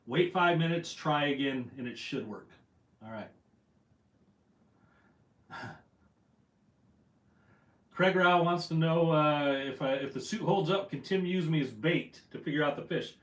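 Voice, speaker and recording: A man's voice: a little high, measured pace, long pauses. A man hosting a casual fishing livestream, reading out viewer comments in a rambling, self-deprecating way. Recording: echoey room, voice from afar.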